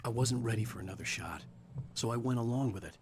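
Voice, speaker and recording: An actor playing a weary, suspicious male writer in a video game, narrating his thoughts in a flat, tired, sardonic way. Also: mid-range voice, quick pace, husky, lightly acted. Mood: groggy. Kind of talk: inner-monologue game narration.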